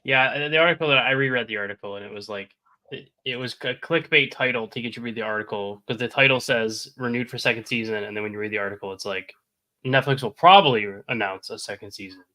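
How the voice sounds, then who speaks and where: A man's voice: medium pitch, fast talker, pushed and bright. A man co-hosting a casual podcast chat, explaining plot points with many fillers. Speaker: podcast co-host.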